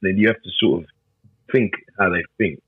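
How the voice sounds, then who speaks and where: Emphatic husky-voiced pastor man. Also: sits low, normal speed, dry recording, narrow, tinny audio. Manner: emphatic, repeats "you know what I'm saying". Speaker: pastor and gospel singer. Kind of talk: casual conversation.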